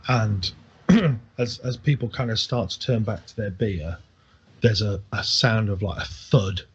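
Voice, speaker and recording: A man's voice: lowish voice, breathy edge. A man narrating a tabletop game as dungeon master, loose and hesitant with fillers. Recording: dull lo-fi audio.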